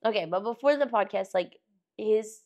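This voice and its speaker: A woman's voice: medium pitch, moderate pace, darkish tone. Young woman, casual podcast chat, chatty, laughs often, restarts sentences. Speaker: podcast co-host, engaged to a host.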